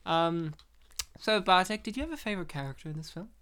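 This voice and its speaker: Animated, laughing man with a smooth voice. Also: high voice, fast talker. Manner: animated, laughing often, acts out scenes. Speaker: podcast host. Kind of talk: casual movie commentary chat.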